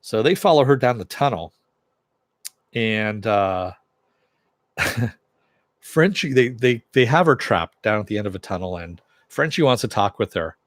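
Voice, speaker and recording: A man's voice: lowish voice, lively intonation, a little slow, pauses often, dry recording, clean studio sound. Chatty man recapping a TV episode. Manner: chatty, chuckling, acts out characters' lines with raised voice. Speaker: TV episode reviewer.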